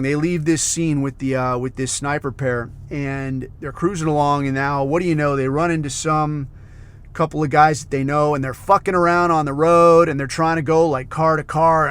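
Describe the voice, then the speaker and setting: A man hosting a podcast, talking through a film review in a loose, rambling way, heavy on swearing and "like" and "dude.". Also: fairly high pitch. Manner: rambling, heavily profane storytelling; loose, filler-heavy, says "like" and "dude" a lot. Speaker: podcast host. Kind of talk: casual monologue film review.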